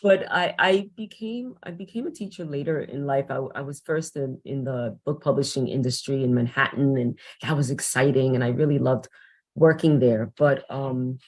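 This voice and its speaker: A woman's voice: rumbling low, normal speed. A woman teacher guesting on a podcast, speaking hesitantly with frequent restarts and ums. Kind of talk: podcast interview.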